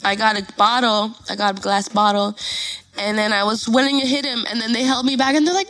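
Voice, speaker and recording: Young woman from Los Angeles, musician guest in an interview. Animated, swears freely, loud when acting out quotes. Voice sits a bit high. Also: fairly quick, a little hiss or hum, rough recording. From Northeast Los Angeles. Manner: animated, profane, acts out quotes loudly. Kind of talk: casual storytelling interview.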